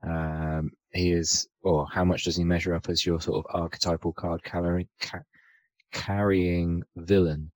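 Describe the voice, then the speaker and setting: Male podcast co-host, low voice, loose and rambling, lots of ums. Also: flat delivery, a little slow, no echo, low-quality recording. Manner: rambling, hesitant, many fillers and restarts. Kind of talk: casual film discussion.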